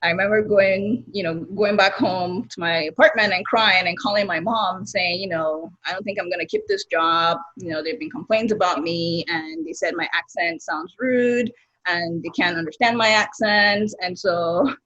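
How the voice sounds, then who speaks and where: A woman's voice: on the low side, normal speed, a bit bright, lo-fi sound. A woman from Nigeria with a Nigerian accent, telling personal stories openly in a group conversation over a video call. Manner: open, talkative, personal storytelling. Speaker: discussion participant.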